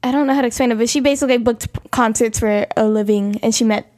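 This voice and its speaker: A woman's voice: on the high side, fast, a little mellow. A young woman co-hosting a podcast, chatting casually and hesitantly with lots of restarts. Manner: rambling, hesitant, many restarts. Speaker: podcast co-host. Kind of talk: casual chat.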